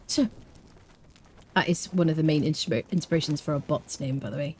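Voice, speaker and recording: A Scottish woman chatting playfully to viewers as she plays and guides a game, with careful, clear enunciation. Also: low-pitched, a little fast, darkish tone. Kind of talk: casual live-stream gameplay commentary.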